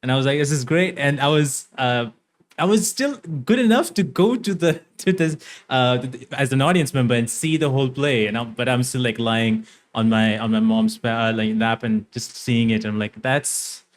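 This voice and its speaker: A man's voice: medium pitch, normal speed. Easygoing man hosting a podcast. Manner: easygoing, hesitant talk with many fillers. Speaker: podcast host. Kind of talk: casual podcast interview.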